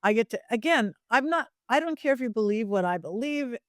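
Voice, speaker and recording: In a dry, studio-quality recording, a middle-aged psychic medium speaks a little fast in a slightly high voice. As a guest in a lively interview, she tells her stories with animation, voicing the characters herself.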